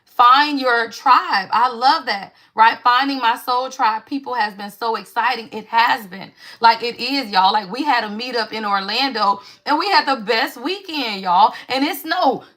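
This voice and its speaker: A woman reading tarot cards to her viewers in a chatty, animated way, asking questions and answering them herself. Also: on the high side, normal speed, few pauses. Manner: chatty, repeats "y'all" constantly; animated call-and-response questions. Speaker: spiritual tarot reader. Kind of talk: casual tarot reading livestream.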